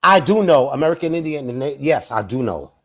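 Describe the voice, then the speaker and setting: A man's voice: mid-range voice, big pitch swings, brisk. Rambling, defensive New York man. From Puerto Rico. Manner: rambling, defensive, flares into shouting. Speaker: debate participant. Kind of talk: heated live online debate.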